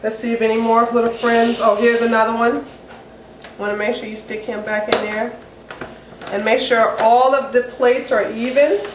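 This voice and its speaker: A woman giving a casual, enthusiastic cooking how-to demonstration at home, chatty and getting excited. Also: fairly high pitch, moderate pace. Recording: roomy echo with faint background noise.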